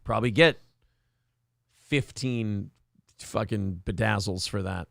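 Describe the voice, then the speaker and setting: A man's voice: lowish voice, slow pace, vocal fry, dry recording, clean studio sound. A man hosting a morning show, reading live chat aloud in a crude, joking, self-mocking way. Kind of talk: casual profane chat.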